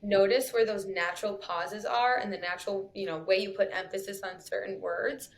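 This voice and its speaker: A woman's voice: medium pitch, steady tone, moderate pace, a little hiss or hum. A woman, talking casually as a podcast guest, chatty and laughing often. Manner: chatty, laughs often, lots of "you know" and "like". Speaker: copywriter guest.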